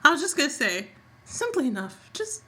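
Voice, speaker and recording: A woman co-hosting a podcast, recapping a soap opera in casual chat with sassy, animated retelling. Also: high voice, normal speed. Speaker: podcast co-host.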